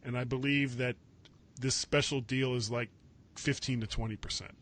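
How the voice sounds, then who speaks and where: A man's voice: medium pitch, steady tone, moderate pace, fairly bright tone. A man hosting a casual tech news chat, rambling and correcting himself with wry asides. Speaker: podcast host.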